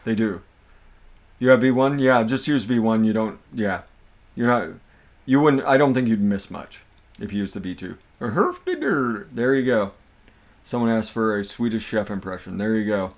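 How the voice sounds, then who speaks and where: A man hosting a casual livestream, chatting in a relaxed, jokey way with friends. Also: on the low side, normal speed. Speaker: livestream host.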